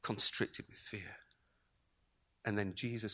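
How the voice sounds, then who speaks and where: A man delivers a sermon at a slow, deliberate pace. His voice is bright and forceful, and it swings from raised, emphatic lines to hushed, breathy near-whispers. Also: mid-range voice, expressive, a little hiss or hum. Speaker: preacher.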